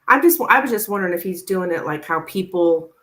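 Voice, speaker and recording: A woman's voice: lowish voice, lively intonation, brisk, fairly bright tone. Chatty woman reading tarot. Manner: chatty, thinks aloud with many "like"s. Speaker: tarot reader. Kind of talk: live-stream tarot reading, chatting with viewers.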